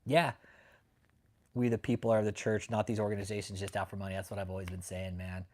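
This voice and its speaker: A man's voice: on the low side, little pitch movement, fast talker, darkish tone. Blunt, profane man hosting a livestream. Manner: profane, blunt and sarcastic, greets chat viewers. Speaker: livestream host. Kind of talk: casual livestream commentary.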